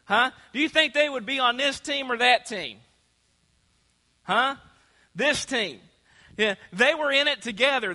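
Preacher guy, high voice, lots of call and response, long church echo. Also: sharp tone. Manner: call-and-response preaching, asking the congregation to fill in words. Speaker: pastor. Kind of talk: sermon. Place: church sanctuary. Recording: long church hall reverb.

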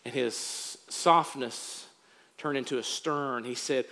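A man preaching as a pastor, moving from quiet storytelling to rising exhortation. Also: mid-range voice, slow, gravelly, in a large hall. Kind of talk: sermon.

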